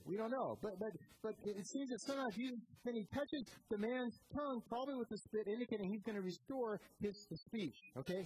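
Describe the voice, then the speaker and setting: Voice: mid-range voice, a little mellow, poor audio. A pastor preaching a sermon who keeps asking the congregation questions, stresses words and often restarts phrases while explaining Greek and Aramaic terms. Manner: asks the congregation questions and prompts responses; emphatic, repeats and restarts words.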